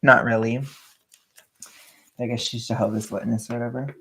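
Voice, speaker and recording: A woman's voice: very deep voice, fairly even intonation, moderate pace, fairly bright tone. A woman chatting casually on a livestream while wrapping gifts, rambling and joking at her own expense. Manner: rambling, self-mocking, joking. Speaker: vlogger livestreaming.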